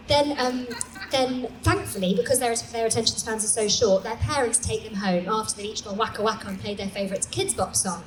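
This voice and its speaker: A woman in her forties telling comic personal stories on a small comedy stage, animated and self-mocking. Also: on the high side, a little fast, recorded from a distance. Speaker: storyteller. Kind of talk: comic live storytelling. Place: small comedy venue, indoors. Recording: echoey live room with background noise.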